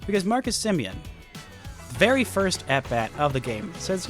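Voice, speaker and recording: Animated man talking sports, dry sound. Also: on the high side, moderate pace, no echo, soft background music. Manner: animated, self-mocking, laughs often. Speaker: podcast host. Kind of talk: casual sports talk.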